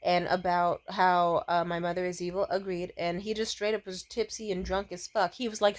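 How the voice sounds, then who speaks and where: A woman's voice: medium pitch, steady tone, moderate pace, hardly any pauses. Young woman, casual vlog storytime, rambling with fillers, blunt and sweary, laughs a lot. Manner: rambling, laughing often, many fillers and trailing restarts. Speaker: vlogger.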